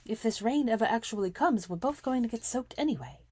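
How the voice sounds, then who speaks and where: Woman putting on a snappy sarcastic young woman, higher voice, jumps around a lot, dry close sound. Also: animated, fairly quick, dry recording. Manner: sarcastic, snapping, turns to shouting. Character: sharp-tongued clever young woman, sarcastic and quick-tempered. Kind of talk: fan fiction reading.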